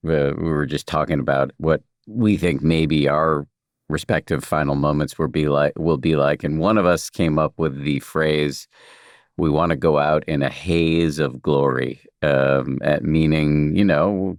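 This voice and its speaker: A man hosting a podcast conversation, asking thoughtful, measured questions. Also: extremely low pitch, dry recording, studio quality. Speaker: podcast host.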